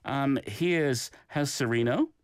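A man's voice: medium pitch, takes it slowly, clear, resonant tone, no room sound, clean studio sound. A man teaching a daily Korean phrase and giving encouraging feedback on listeners' recordings. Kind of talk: casual language lesson.

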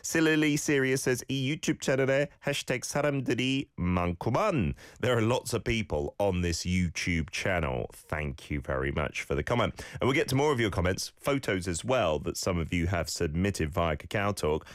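A man's voice: low voice, animated, normal speed, hardly any pauses, dry recording, clean studio sound. A male host who teaches phrases and gives playful, teasing feedback on listener clips, with exaggerated example intonation. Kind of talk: casual radio-style teaching.

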